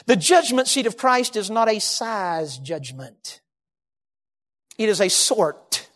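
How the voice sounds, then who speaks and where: Emphatic preacher man. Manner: emphatic, rising to shouts then dropping to low hushed endings. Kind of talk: sermon.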